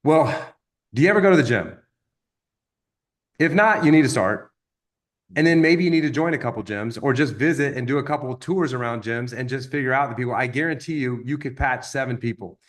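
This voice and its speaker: A man giving an energetic motivational sales training talk, acting out stories with quoted voices. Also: medium pitch, fairly quick.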